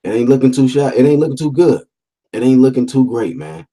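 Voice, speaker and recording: A man's voice: mid-range voice, animated, brisk, dark tone. A man hosting a casual boxing livestream, talking loosely with slang, repeating himself and reading out viewer comments. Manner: talkative, repeats phrases, reads out chat comments; fillers and restarts, laid-back slang.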